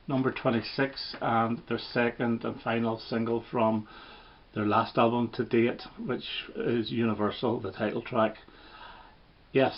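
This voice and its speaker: A man casually ranking records, relaxed and hesitant, with plenty of fillers and restarts. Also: mid-range voice, highs cut off. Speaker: record collector vlogger.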